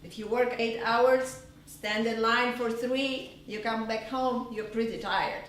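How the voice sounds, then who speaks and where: A woman's voice: on the high side, steady tone, fairly bright tone. A woman performing an earnest solo theater monologue, recorded live on a small stage. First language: Polish. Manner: earnest storytelling, measured. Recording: live stage, roomy hall from far off, faint noise.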